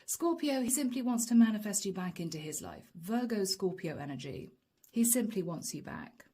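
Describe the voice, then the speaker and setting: A woman giving a channeled tarot reading, speaking slowly and softly, sometimes dropping into a whisper. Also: medium pitch, very animated, breathy edge. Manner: slow, soft, drawn-out delivery with whispered asides. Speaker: tarot reader.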